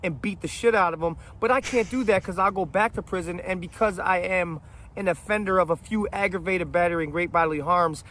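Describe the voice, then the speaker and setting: A man's voice: high voice, brisk, fairly bright tone. A man in his forties telling a story in a heated, blunt, profane monologue. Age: 40s.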